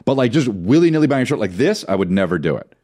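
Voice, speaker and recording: A man's voice: mid-range voice, sing-song, fast, mellow. A man co-hosting a podcast in casual, joking chat, laid-back and trailing off with fillers. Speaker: podcast co-host.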